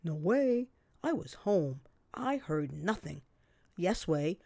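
A woman's voice: on the low side, big pitch swings, slow pace, creaky. A woman telling a personal story on the radio in a wry, dramatic way, acting out bits of dialogue. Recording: loud vehicle noise behind.

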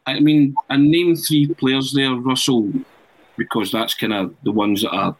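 A man's voice: medium pitch, steady tone, measured pace, no room sound, low-quality recording. A man hosting a casual football podcast, talking to his co-hosts by name. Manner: conversational, addresses co-hosts by name. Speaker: podcast host.

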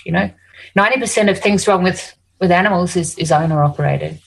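A woman's voice: on the low side, fairly quick, vocal fry, breathy edge, low-quality recording. An Australian woman working as an animal communicator and hypnotist. She tells stories in casual conversation, rambling, restarting often and saying "you know" a lot.

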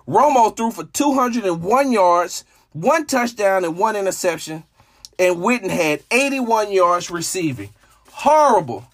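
A man hosting a solo sports show, talking in a dramatic, emotional way that jumps between hushed asides and shouting. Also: high-pitched, animated, measured pace. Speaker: sports podcast host. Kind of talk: animated solo sports commentary.

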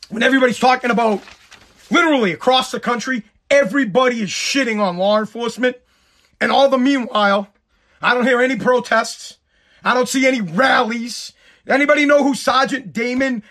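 High-pitched man ranting with profanity. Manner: profane, heated, shouting at times. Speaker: show host. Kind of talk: angry rant, talk show.

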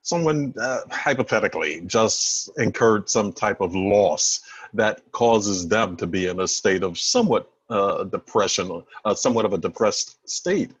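A man talking as a guest expert over a video call, his delivery lively and swinging in pitch. His voice has a slightly husky edge, and the audio is dry and a bit dull, like compressed call sound. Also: unhurried, no room sound. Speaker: body language and negotiation expert guest. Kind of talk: conversational interview.

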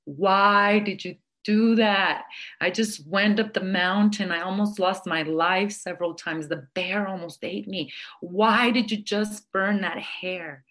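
A determined young wife speaks in a folk tale, put on by a woman narrator. Her low voice presses earnestly, pleading and urgent. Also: little pitch movement, normal speed. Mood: distraught. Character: devoted wife, desperate and determined.

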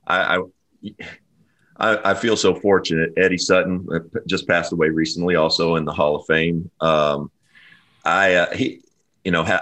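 A middle-aged man hosting a podcast, speaking in a heartfelt, emotional and halting way. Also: low-pitched, a bit bright. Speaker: podcast host. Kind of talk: podcast interview.

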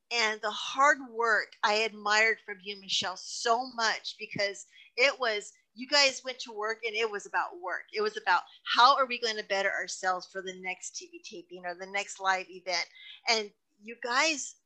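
A woman hosting a podcast interview, talking in effusive, animated bursts. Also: mid-range voice, normal speed, rough recording. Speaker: podcast host. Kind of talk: casual interview chat.

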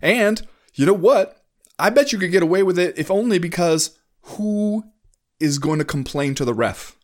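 A man's voice: high-pitched, expressive, moderate pace. A man co-hosting a podcast in casual chat, rambling and sardonic, often acting out quotes. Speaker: podcast co-host.

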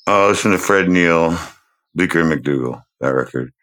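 A man's voice: sits low, moderate pace, fairly bright tone. A middle-aged man from Boston's North Shore, chatting as a podcast guest, rambling loosely, joking and trailing off mid-thought. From Boston's North Shore, USA. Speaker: guest musician. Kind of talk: casual podcast chat.

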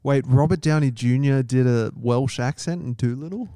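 A man's voice: medium pitch, normal speed, mellow, no echo, studio quality. An Australian man co-hosting a podcast, telling stories in an easygoing, laughing manner. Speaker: podcast co-host. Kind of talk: casual comedic chat.

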